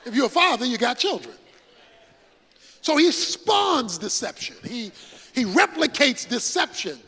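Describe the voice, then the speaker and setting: A man's voice: extremely high pitch, big pitch swings, unhurried, pushed and bright, slightly rough. A man preaching a sermon with rising emphasis and folksy storytelling before a congregation. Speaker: pastor. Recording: reverberant hall recording.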